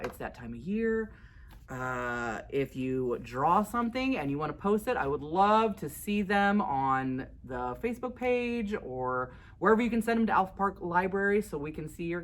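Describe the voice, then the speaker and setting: A woman giving a casual drawing tutorial as an art instructor, chatty and upbeat, laughing at herself as she works. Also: lowish voice.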